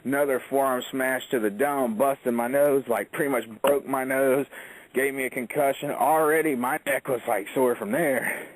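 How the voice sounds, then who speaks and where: A man's voice: mid-range voice, fairly even intonation, normal speed, no room sound, poor audio. A man, a wrestler, telling an in-ring story in a casual, profane interview, acting out quotes as he goes.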